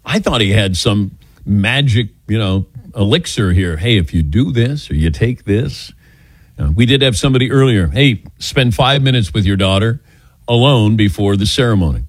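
A man's voice: lowish voice, normal speed, no echo. A middle-aged man hosting a call-in radio show, joking and telling stories with his co-hosts. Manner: lively, joking, animated storytelling. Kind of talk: casual call-in radio chat. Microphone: studio microphone.

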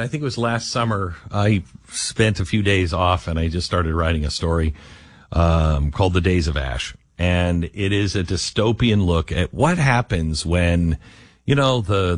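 A man's voice: low-pitched, measured pace, no room sound, studio quality. A man hosting a talk radio show, talking in a rambling way with many fillers and restarts.

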